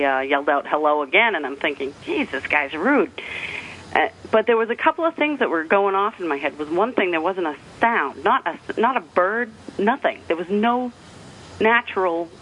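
This caller, a man from New Hampshire in the northeastern United States, rings a talk show and tells a personal story in a rambling way, with restarts and light laughs. His voice sits on the high side and is a bit bright. Heard through a telephone, the line is tinny with a little hiss or hum.

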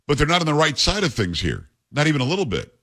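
A man's voice: fairly high pitch, very animated, sharp tone. A man hosting a talk radio call-in show, blunt and opinionated, speaking into a studio microphone. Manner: blunt, opinionated, rapid asides.

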